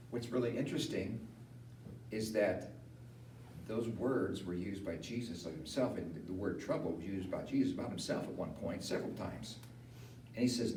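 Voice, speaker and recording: Low-voiced pastor in an echoey hall. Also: male voice. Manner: conversational, rises to animated emphasis. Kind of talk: funeral sermon. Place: funeral home chapel. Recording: echoey room from far off, faint hiss.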